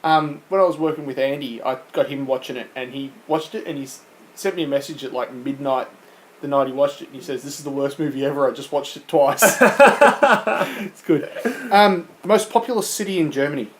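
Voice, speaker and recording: A man's voice: fairly high pitch, moderate pace, slight background noise, rough recording. A man co-hosting a podcast, reading quiz questions in casual, teasing banter and laughing often.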